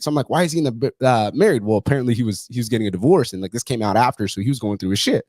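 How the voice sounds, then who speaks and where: A man's voice: mid-range voice, rapid-fire, hardly any pauses, a little mellow, no echo. A man hosting a podcast, telling stories in a casual, blunt way full of swearing and acted-out quotes. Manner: profane, blunt, swears constantly; acts out other voices in his stories. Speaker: podcast host. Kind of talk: casual storytelling chat.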